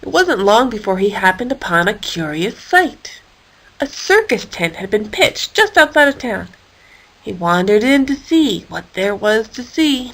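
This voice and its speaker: A woman narrating a children's storybook in a lively, playful reading voice. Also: medium pitch, unhurried.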